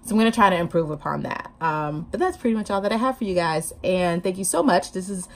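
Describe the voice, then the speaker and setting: A woman's voice: fairly low pitch, expressive, fast. A woman vlogging casually to camera about her writing, hyper and chatty, laughing often, talking with her hands, a bit sleep-deprived.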